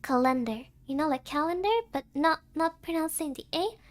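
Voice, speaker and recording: A woman's voice: sits high, fairly even intonation, fairly quick. A young adult woman chatting playfully on a stream, giggling often and switching between Japanese and English. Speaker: vtuber streamer. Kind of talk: casual chat on a stream collab.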